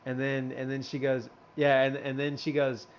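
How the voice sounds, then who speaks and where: A man's voice: mid-range voice, little pitch movement, normal speed, slight background noise. A young man telling a crude story in casual chat, rambling with many fillers and restarts and laughing often. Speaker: regular in a hangout show.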